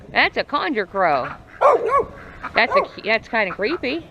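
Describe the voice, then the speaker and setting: A woman's voice: on the high side, sing-song, a little slow, long pauses. A woman on a farm, chatting casually and teasing her animals in a playful baby-talk manner. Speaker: farm vlogger. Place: outdoors on a farm with poultry. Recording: noisy outdoor farm audio. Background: clucking chickens and crowing roosters.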